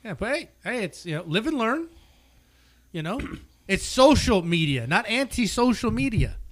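A man's voice: high voice, very animated, slight background noise. A man in casual chat, teasing his friend and stumbling through restarts. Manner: teasing, halting, full of restarts.

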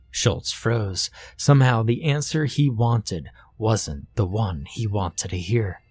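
A man narrating a scripted horror story in a slow, hushed way. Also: fairly low pitch, breathy edge, dry recording.

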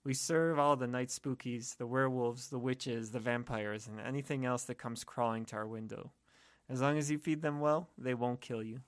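A man narrating a first-person horror story at a steady, measured pace. His voice is mid-pitched and plain. The recording is dry and close. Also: dry recording.

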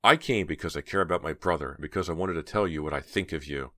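A man voicing an angry teenage girl who speaks loudly and accusingly. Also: fast, no room sound, studio quality. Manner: pitched up, loud, accusing.

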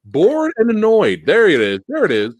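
A man hosting a casual film podcast, ranting profanely and laughing loudly as he talks. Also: high-pitched, wildly swooping pitch, moderate pace, dry recording. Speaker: host.

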